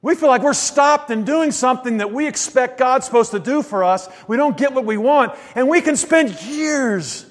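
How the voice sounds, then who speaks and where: A man preaching a conversational sermon, asking rhetorical questions and dropping quiet before lifting his voice again. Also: extremely high pitch, animated, moderate pace, hardly any pauses. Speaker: pastor. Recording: long hall reverb.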